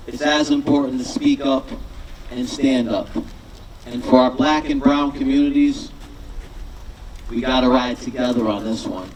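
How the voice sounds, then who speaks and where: Male rally speaker outdoors, unhurried and rousing, distant mic, crowd behind. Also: medium pitch, steady tone. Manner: rousing, repetitive, leads a call-and-response chant. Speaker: rally speaker, city councilor. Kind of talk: rally speech. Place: outdoor sports field rally.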